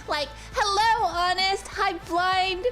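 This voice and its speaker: High pitched woman streamer just chatting, kinda slow, greets chat, swears a lot. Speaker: VTuber streamer. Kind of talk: casual livestream chat.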